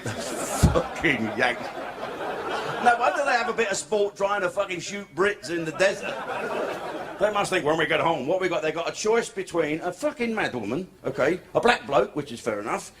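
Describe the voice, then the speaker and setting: A man's voice: fairly high pitch, sing-song, normal speed. A man doing a crude, profane stand-up comedy set in a comedy club. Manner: crude, profane, swearing constantly. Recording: noisy club recording.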